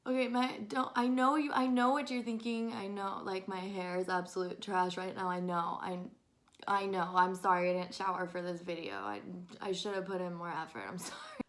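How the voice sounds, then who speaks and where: A woman in her twenties telling stories to camera in an animated, exasperated way, often breaking into laughs. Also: lowish voice, moderate pace. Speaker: vlogger. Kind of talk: casual storytelling to camera.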